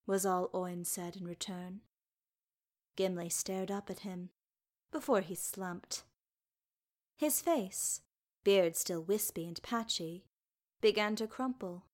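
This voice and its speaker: A woman reads a story aloud at an unhurried, even pace. Her voice sits in a middle pitch, steady and calm in its telling. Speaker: narrator. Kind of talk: storybook reading of fan fiction.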